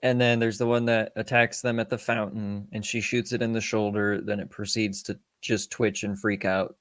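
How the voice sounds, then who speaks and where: A man's voice: lowish voice, normal speed, no echo. A man co-hosting a film review podcast, chatting casually, swearing freely and acting out quotes. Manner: profane, animated, acts out quotes. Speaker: podcast co-host.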